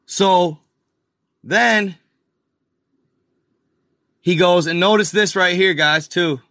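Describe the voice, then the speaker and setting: A man hosts a casual video, walking viewers through pictures with slow, unhurried talk. His voice is bright and a little high for a man, and the sound is dry and close. He keeps pointing things out in amazement and calling his audience y'all. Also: no room sound. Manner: addresses viewers as y'all, excited and incredulous. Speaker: video host. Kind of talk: casual screen-share commentary.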